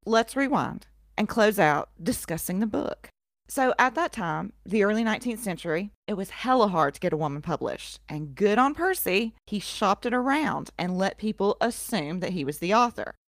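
An animated woman with a mid-range voice co-hosts a casual podcast at a moderate pace, retelling history in an irreverent, profane way packed with sarcastic asides. The studio sound is clean with no echo.

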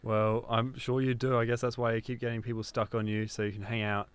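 A man's voice: medium pitch, level tone, fairly quick, clear, resonant tone, dry recording. A man hosting a comedy radio interview, playing it mock-earnest and soothing. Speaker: radio host.

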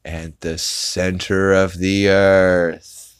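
Low-pitched male podcast host; loose, rambling recap. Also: level tone, drawn-out words, smooth. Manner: rambling, many fillers, acts out quotes. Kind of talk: casual episode recap.

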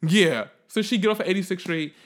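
High-voiced New man ranting profanely. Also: brisk. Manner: profane, animated, swings from loud outbursts to quiet reflection. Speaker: vlogger telling a story. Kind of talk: casual storytime rant.

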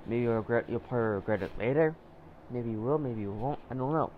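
A man rants alone on his podcast, swearing freely and circling back to the same point with plenty of fillers. His voice sits at an ordinary pitch. The recording is a little dull, with faint ambience behind him. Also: quick pace, a little hiss or hum. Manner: rambling, profane, repeats himself, many fillers. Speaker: podcast host. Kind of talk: solo podcast rant.

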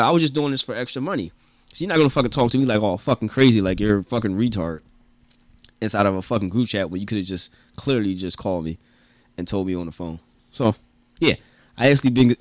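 A man co-hosting a podcast, telling a story in a profane, animated rant and laughing often. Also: lowish voice, dry recording. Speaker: podcast co-host. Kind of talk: casual ranting chat.

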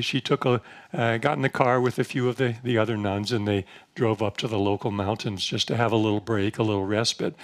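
Monastic speaker addressing a convocation, mid-pitched male voice, gentle and unhurried. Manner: storytelling, gentle, frequent fillers and soft laughs; slows to a measured, guiding pace for meditation instructions. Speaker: monastic spiritual leader giving a talk. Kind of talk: informal spiritual talk to a gathering.

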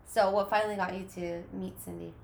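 A woman in casual chat, telling stories in a chatty, animated way. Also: on the low side, fairly quick, vocal fry. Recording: echoey room, faint noise.

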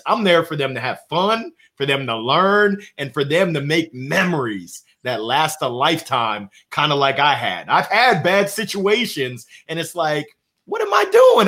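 Man, motivational coach guest; swooping, lively delivery, laughs often. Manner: animated storyteller who laughs often and jumps in pitch for emphasis. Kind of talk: casual podcast conversation.

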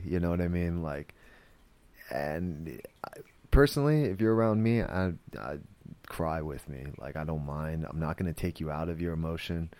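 A man with a low voice talks through his podcast in a casual, wandering way. He restarts his sentences often and fills the gaps with "like" and "you know". He sounds earnest and easily moved. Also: a little mellow, no room sound. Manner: rambling, with many fillers and restarts; earnest and emotional. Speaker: podcast host. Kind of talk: casual spoken commentary.

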